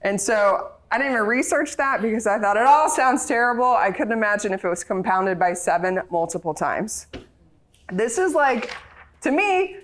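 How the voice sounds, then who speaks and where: A woman's voice: medium pitch, animated, normal speed, fairly bright tone. A woman leading a group Bible study, chatty and playful, laughing often as she explains the reading.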